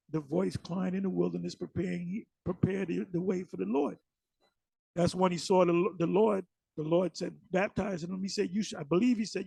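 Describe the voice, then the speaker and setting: A man's voice: high-pitched, creaky, warm tone, breathy edge, no echo. A man leading an informal scripture study, reading verses aloud and then rambling into loose commentary with frequent restarts. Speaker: Bible teacher.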